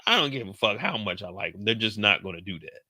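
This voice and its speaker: A young man with a bright, forceful voice, riffing casually and profanely as he recaps a show and slips into the characters' lines. The sound is close and dry, with no room around it. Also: on the low side, lively intonation, fast, no echo. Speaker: show commentator. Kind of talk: animated casual recap commentary.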